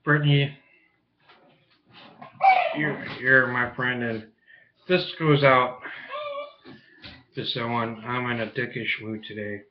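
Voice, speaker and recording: A man's voice: medium pitch, steady tone, slow pace, pauses often, noisy background. A man vlogging casually, with crude, teasing banter. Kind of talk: casual vlog talk. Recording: muffled echoey room.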